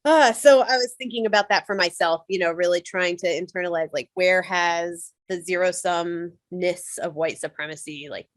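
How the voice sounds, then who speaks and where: A woman's voice: on the low side, moderate pace, hardly any pauses, dry recording. Woman, earnest, chatty reflective sharing, dry close sound. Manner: earnest, conversational, many fillers.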